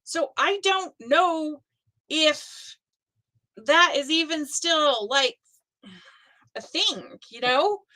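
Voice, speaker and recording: A middle-aged woman hosts a live craft stream, chatting in a loose, rambling way and poking fun at herself. Her voice sits a little high and sounds bright and forward. She talks at an unhurried, slow pace. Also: expressive, poor audio. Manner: chatty, rambling, self-deprecating. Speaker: host of a live stitching stream. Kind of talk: casual live chat.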